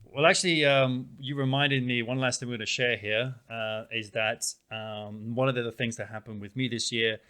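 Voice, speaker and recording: Medium in pitch, clear and resonant, his voice moves at a moderate pace with few pauses. He co-hosts a podcast in a small town in Spain, chatting casually and telling rambling, animated stories full of fillers.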